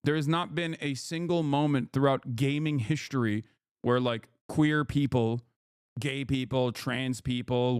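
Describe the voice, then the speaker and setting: A man's voice: mid-range voice, clear, resonant tone, no echo, clean studio sound. A male streamer giving reaction commentary in a blunt, profane and emphatic way, often checking in with "okay?".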